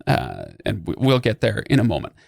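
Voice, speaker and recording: A man's voice: lowish voice, huge pitch swings, fairly quick, creaky, a little mellow, no room sound, clean studio sound. A man hosting a podcast, explaining at length in a casual way with lots of fillers and restarts. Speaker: podcast host.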